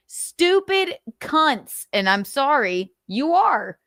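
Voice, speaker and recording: A woman's voice: fairly high pitch, expressive, unhurried, fairly bright tone, dry recording, clean studio sound. A woman hosting a livestream, ranting angrily with constant swearing and repeated rhetorical questions, at times choked up. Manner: angry, profane, repetitive rhetorical questions. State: choked up with emotion. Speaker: livestream host. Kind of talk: heated commentary rant.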